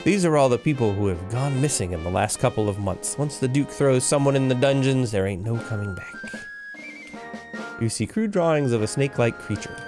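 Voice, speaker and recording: A man's voice: medium pitch, expressive, brisk, music in the background. A man playing a video game, reading its dialogue aloud with wry, playful asides. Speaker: let's player.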